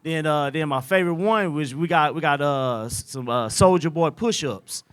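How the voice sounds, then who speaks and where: Bright-voiced man rambling through jokes. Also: fairly high pitch, moderate pace, smooth. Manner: laughing, rambling anecdotes. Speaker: comedian. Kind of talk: stand-up comedy.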